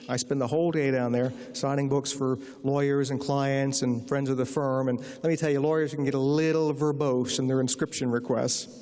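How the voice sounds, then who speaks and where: A man's voice: mid-range voice, darkish tone. A man giving a lecture as an author, telling wry anecdotes to an audience and answering questions. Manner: wry, anecdotal, acts out quoted voices. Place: large lecture hall. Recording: reverberant hall.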